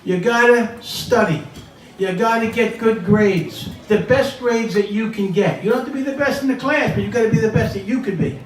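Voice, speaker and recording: A man's voice: high-pitched, normal speed, soft background music. A man giving an emphatic, motivational speech at a banquet and repeating his points for stress. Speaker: banquet speaker. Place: banquet hall. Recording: echoey hall from far off, faint ambience.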